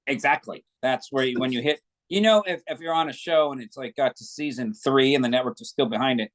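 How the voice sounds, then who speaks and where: Man, guest actor, casual interview, chatty, spins long stories, mid-pitched voice. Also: fairly quick, a bit bright. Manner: chatty, tells long anecdotes.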